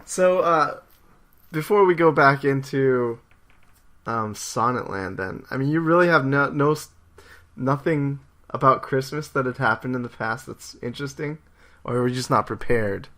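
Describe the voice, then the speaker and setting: A man's voice: medium pitch, moderate pace, fairly bright tone. A young adult man co-hosting a podcast, chatting casually, upbeat and teasing, laughing often. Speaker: podcast co-host. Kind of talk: casual chat.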